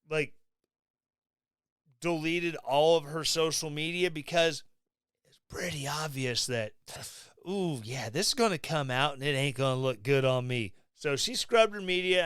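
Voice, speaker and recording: A man hosting his own podcast, giving sarcastic, mocking political commentary in a casual, animated way. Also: a little high, smooth, no room sound, clean studio sound. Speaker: podcast host.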